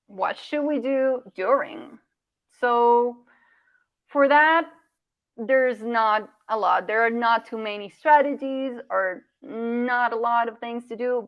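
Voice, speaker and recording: A woman's voice: on the high side, clear, resonant tone, dry recording. Woman, communication coach, encouraging, dull lo-fi sound. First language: Spanish. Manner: encouraging, asks "right?" often, with restarts. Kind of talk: online workshop presentation.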